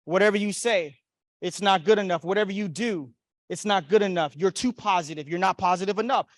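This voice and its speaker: A man giving a motivational keynote at a conference, telling a personal story with acted-out voices and big swings between loud and soft. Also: high voice, brisk, dry recording. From Florida. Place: conference hall.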